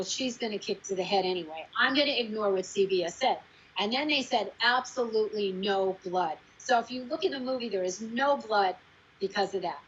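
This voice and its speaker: A woman telling lively stories about a film shoot, acting out the people she quotes. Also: a little high, highs cut off, a little hiss or hum. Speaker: actress recalling a film shoot. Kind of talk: casual anecdote to camera.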